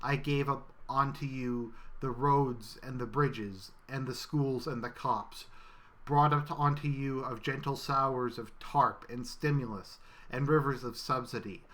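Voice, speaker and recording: A man voicing a pompous, wrathful male bureaucrat god who booms grandiose proclamations. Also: steady tone, a little slow, a bit bright, lightly acted.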